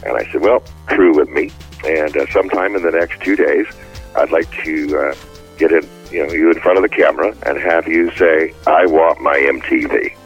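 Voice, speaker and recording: Deep husky older man, muffled. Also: moderate pace, faint music behind. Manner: relaxed storyteller with fillers. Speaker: interviewee, former music executive. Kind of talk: recalled anecdote. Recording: slightly muffled interview recording.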